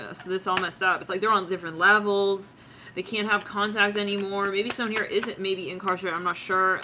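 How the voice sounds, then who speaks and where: Bright, giggly woman giving a tarot reading. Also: mid-range voice, a little hiss or hum. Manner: giggly, slangy, dramatizing with "it's like". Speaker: tarot reader.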